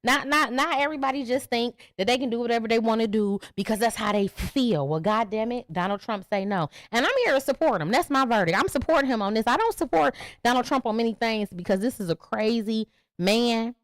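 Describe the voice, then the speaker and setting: A woman podcast host giving brash, profane comedic commentary, swinging from loud outbursts to low mutters. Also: fairly quick, no room sound.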